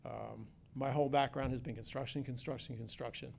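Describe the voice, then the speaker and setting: A man's voice: medium pitch, fairly even intonation, a little fast, vocal fry, darkish tone, a little hiss or hum. A man giving an informal community update as director of construction projects, joking and chatty, often restarting his sentences. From Philadelphia area.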